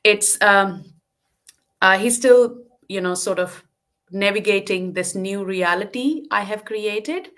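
This guest, a woman in her thirties who lives in Western Australia, takes it slowly as she tells a candid personal story in a live online talk. Her mid-range voice is fairly bright, her manner earnest and filler-heavy, and the audio sounds like a video call.

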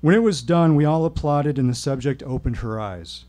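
A man telling a personal story at a live reading, with wry, deadpan humor. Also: on the high side, normal speed. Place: stage at a live show.

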